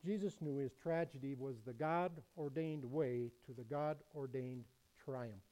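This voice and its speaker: Mellow-voiced man preaching a sermon. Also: mid-range voice, low-quality recording. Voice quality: emphatic, measured delivery with many quotations.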